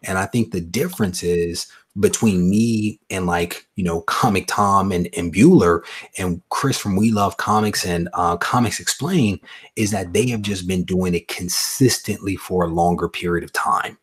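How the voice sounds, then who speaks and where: Husky low-voiced man chatting on a stream. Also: moderate pace. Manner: joking then earnest, talks about consistency and inspiration. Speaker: guest YouTuber. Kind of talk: casual live-stream chat.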